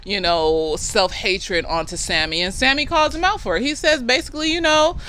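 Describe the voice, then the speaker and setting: A woman, a therapist, giving a casual, slightly tipsy review of a TV episode, profane and lively, acting out the characters' lines. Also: medium pitch, normal speed, clean tone.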